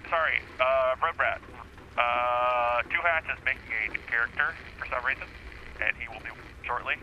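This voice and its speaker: A man's voice: mid-range voice, moderate pace, lo-fi sound. A man in a game voice chat, explaining controls hesitantly and signing off like a trucker on the radio. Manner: hesitant, explaining menus with fillers and trucker sign-offs. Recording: noisy voice chat line.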